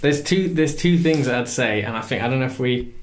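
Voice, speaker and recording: A man's voice: medium pitch, lively intonation, a little fast, slight background noise. A man, hosting a podcast in casual chat, talking in long, thoughtful, rambling turns. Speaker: podcast host. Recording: roomy echo.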